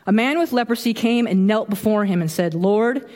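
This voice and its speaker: A woman in her thirties giving a casual, animated sermon, acting out quoted reactions with a bit of humor. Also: mid-range voice, fairly quick. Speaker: preacher. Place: church sanctuary. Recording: long hall reverb.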